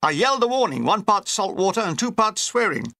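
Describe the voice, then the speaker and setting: A man's voice: high-pitched, sing-song, fairly quick, creaky, pushed and bright, no room sound. A man reading a wartime memoir aloud in a dry, wry comic manner. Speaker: narrator.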